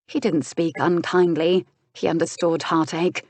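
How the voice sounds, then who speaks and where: A woman reads a novel aloud in an even, steady manner. Her voice sits low and the recording is close and dry, with no room sound. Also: moderate pace, no echo. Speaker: audiobook narrator. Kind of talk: scripted narration.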